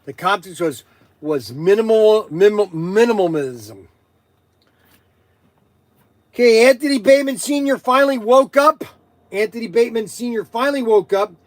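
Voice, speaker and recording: A man hosting a casual livestream, reading viewer comments and teasing them in an excitable, rambling way with frequent laughter. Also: high-pitched, moderate pace, pauses often, dry recording. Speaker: livestream host of a toy shop.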